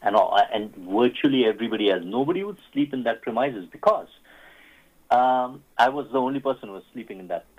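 A man, a radio guest who tells stories haltingly, with many fillers and restarts. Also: mid-range voice, animated. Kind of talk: radio interview storytelling. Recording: phone-like narrow sound.

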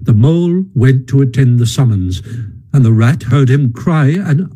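Mellow, husky male storyteller. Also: mid-range voice, lively intonation, low-quality recording. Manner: measured storytelling, occasional stumbles. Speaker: narrator. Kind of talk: audiobook narration.

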